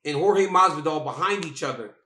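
A man's voice: fairly high pitch, expressive, fairly quick, sharp tone, a little hiss or hum. A man co-hosting a fight talk show over a video call from a hotel, teasing and joking in a loose, repetitive way. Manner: playful, teasing, repeats himself, laughs often. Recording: echoey room.

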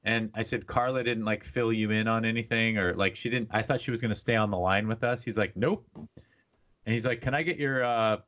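A man's voice: fairly low pitch, brisk, lo-fi sound. A man, co-hosting a podcast in casual chat, telling stories animatedly and acting out other voices. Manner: animated storytelling, acts out voices. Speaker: podcast co-host.

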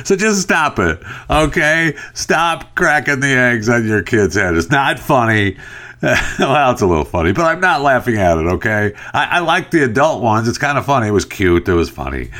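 A man hosting a talk show, rambling and laughing in an animated, exasperated manner. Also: mid-range voice, measured pace. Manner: rambling with restarts and fillers. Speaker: podcast host. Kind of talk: casual opinion talk.

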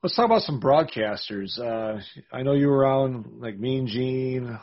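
A man's voice: medium pitch, expressive, unhurried, dull audio. A man hosting a casual interview, eager and chatty like an old fan. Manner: eager, short backchannels, enthusiastic fan. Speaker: interview host.

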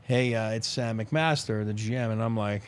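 A man's voice: fairly low pitch, moderate pace, a little hiss or hum. Middle-aged man, ex-player guest, rambling storyteller, casual podcast talk. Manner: rambling, animated anecdotes with quoted dialogue and laughs. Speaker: former pro hockey player, new team reporter.

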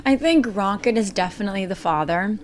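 A woman's voice: mid-range voice, animated, brisk. A woman interviewed on a film set, chatting casually, giggly and hesitant with many restarts.

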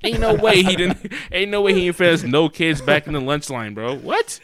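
A young man hosting a casual podcast, loud and laughing, with slangy trash talk. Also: high-pitched, expressive, normal speed. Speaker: podcast host.

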